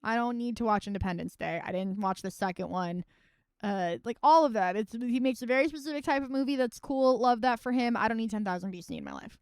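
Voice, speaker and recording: A woman's voice: on the high side, sing-song, brisk, a little mellow, smooth, no echo, studio quality. A young woman streaming live, chatting casually and wryly about films, rambling and swearing freely. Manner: rambling, profane and wry.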